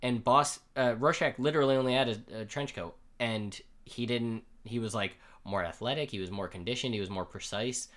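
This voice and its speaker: Excitable man with a slight lisp. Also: mid-range voice, fairly quick, hardly any pauses. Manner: excitable, voice climbs when excited. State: slight lisp from dental aligner trays. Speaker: podcast co-host. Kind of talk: casual chat recapping a comic.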